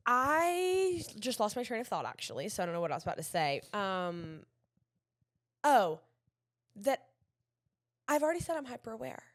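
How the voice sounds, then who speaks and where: Lively young woman, rambling. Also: a little high, moderate pace, pauses often. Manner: rambling, self-deprecating storytelling. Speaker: podcast co-host. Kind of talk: casual chat.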